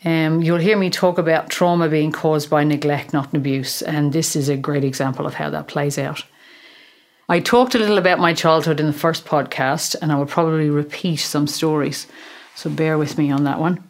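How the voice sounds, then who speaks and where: A middle-aged Irish woman hosting a podcast, telling a personal story in a measured, gently humorous way. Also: deep voice, steady tone. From Ireland. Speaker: podcast host, therapist. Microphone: podcast microphone in a small room.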